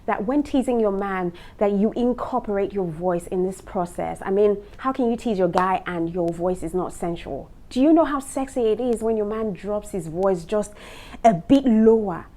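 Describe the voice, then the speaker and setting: A woman's voice: mid-range voice, normal speed, mellow. A woman vlogger giving relationship advice in a casual, frank, chatty way, talking straight to her viewers. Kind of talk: casual advice talk to camera.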